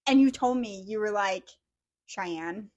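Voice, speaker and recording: A woman's voice: on the high side, moderate pace, fairly bright tone, dry recording, lo-fi sound. A woman co-hosting a podcast, chatting casually and chiming in with support. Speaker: podcast co-host. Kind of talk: casual chat.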